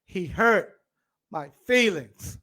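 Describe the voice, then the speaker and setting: Slow, dramatic higher-voiced preacher man. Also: animated. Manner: dramatic, swings between loud cries and low murmurs; speaks in first person as a wrongdoer to make a point. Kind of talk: sermon.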